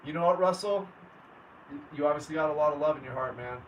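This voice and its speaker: With highs cut off, a quick-paced man on the high side hosts a livestream, chatting casually, reading comments and greeting viewers by name. The mic is distant and there's faint background noise.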